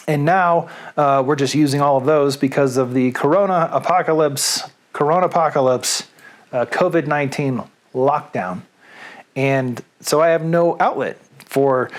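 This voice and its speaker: A middle-aged man and radio DJ, talking to camera alone in a small room at home in a chatty, rambling, self-deprecating way. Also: on the high side. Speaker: radio DJ and video host. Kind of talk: casual rambling monologue to camera. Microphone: studio microphone.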